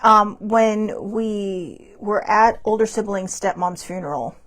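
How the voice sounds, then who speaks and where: A woman's voice: mid-range voice, slow pace, fairly bright tone. A woman hosting a live stream, talking in a rambling, chatty way, blunt and upbeat, laughing often. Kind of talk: casual chatty monologue. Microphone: phone or webcam on a live stream.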